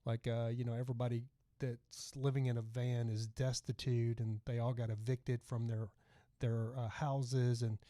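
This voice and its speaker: Middle-aged texas guy rambling on his livestream, mellow low-key tone, dry close sound. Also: flat delivery, normal speed, no room sound. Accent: Texan. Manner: rambling, chatty, reads out viewer comments. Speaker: podcast host. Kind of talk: casual livestream chat.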